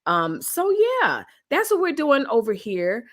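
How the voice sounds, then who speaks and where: A woman's voice: fairly high pitch, big pitch swings, a little slow, fairly bright tone. A woman hosting a casual live news commentary stream, chatting colloquially with her viewers and reading their comments.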